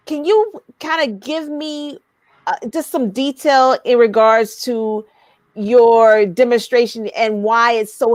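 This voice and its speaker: A woman's voice: a little high, no room sound. A woman hosting a radio interview, asking winding, searching questions. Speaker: interview host.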